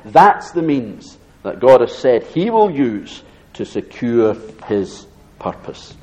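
A man preaching an expository sermon, reading scripture aloud and slowing down to stress key phrases. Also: mid-range voice, darkish tone, low-quality recording. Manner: reads scripture aloud in raised tone.

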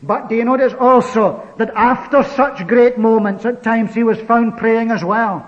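A male preacher delivering a sermon, emphatic, repeating key phrases and slowing on stressed words. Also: extremely high pitch, steady tone, dull audio.

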